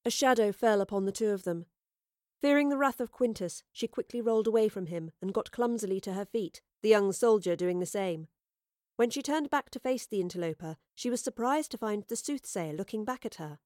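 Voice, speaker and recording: A woman narrating a story in an even, measured way. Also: medium pitch, no echo, clean studio sound. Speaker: audiobook narrator.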